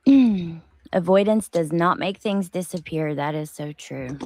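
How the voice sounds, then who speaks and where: Lowish voiced woman rambling on a chat stream, dry mic. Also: moderate pace, vocal fry, darkish tone, dry recording. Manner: chatty, thinks aloud with fillers and hedges. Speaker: co-host. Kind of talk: casual commentary chat.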